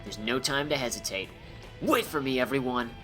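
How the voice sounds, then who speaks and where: A man's voice: mid-range voice, expressive, normal speed, sharp tone. Male let's-play commentator, jokey and sarcastic, reads the game text aloud and wanders off into asides, with faint music underneath. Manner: joking, sarcastic, rambling asides. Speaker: gameplay commentator.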